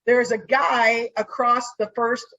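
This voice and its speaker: A woman with a fairly high voice tells a story in a relaxed interview. She acts out her own lines with voices as she goes. The recording sounds dull and lo-fi. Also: takes it slowly. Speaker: private investigator guest.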